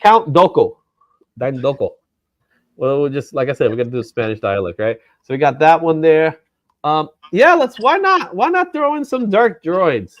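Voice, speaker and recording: Lively, animated man hosting a comic show. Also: a little high, normal speed, no echo, dull audio. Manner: lively, loose and joking, laughs often. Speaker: comic book show host. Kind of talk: casual chat.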